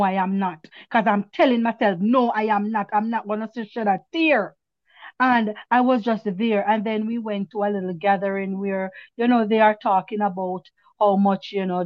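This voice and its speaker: A woman's voice: medium pitch, no room sound. A woman, a teacher, gives heartfelt testimony on a video call. She stops and repeats her words often and speaks with religious fervor. The audio is muffled and dry, like a cheap call connection. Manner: halting, repeats words, fervent. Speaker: prayer meeting participant giving testimony. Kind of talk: emotional spoken testimony.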